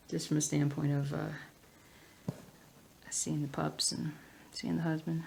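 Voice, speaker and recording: A woman's voice: sits low, flat delivery, unhurried, creaky, pauses often, darkish tone, slightly rough. A woman with a Southern US accent chatting casually while she stitches at home, muttering to herself and sometimes dropping into a whisper. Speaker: cross-stitch vlogger.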